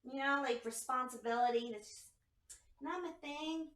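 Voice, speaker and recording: A woman's voice: sits high, normal speed, a bit bright. A woman playing in a tabletop game, talking casually and playfully. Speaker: player. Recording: roomy echo.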